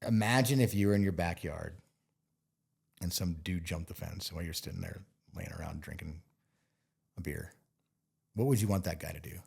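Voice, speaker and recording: A man, a bear expert guest, talking casually in an interview and explaining with relaxed, playful asides. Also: sits low, moderate pace, creaky, long pauses, breathy edge. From Montana.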